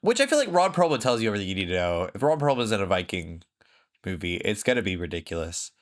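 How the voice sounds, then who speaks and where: A man's voice: fairly low pitch, big pitch swings, fast. A man co-hosting a podcast in casual chat, rambling with lots of fillers and frequent laughs. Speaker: podcast co-host.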